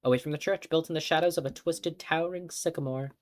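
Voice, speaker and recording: A man's voice: fairly high pitch, fairly even intonation, fast. A young man streaming a visual novel, reading the narration dramatically and breaking into laughing jokes. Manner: playful, giggly, breaks off into laughing asides. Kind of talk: dramatic narration mixed with joking chat.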